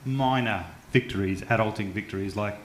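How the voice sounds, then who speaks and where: A man's voice: on the low side, moderate pace. An Australian man with a self-mocking, stumbling delivery, performing a stand-up comedy set on a club stage. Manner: chatty, self-mocking, with frequent stumbles and fillers. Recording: roomy club sound with faint background noise.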